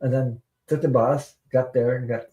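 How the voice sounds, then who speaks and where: A man's voice: medium pitch, steady tone, moderate pace, dark tone. A man hosting a tarot live stream, telling a personal story in an earnest, rambling way and repeating words for emphasis.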